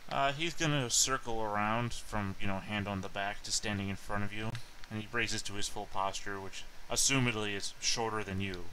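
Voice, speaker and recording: A man narrating as game master of a tabletop game, describing scenes in a halting way. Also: lowish voice, bright, forceful tone, a little hiss or hum, low-quality recording.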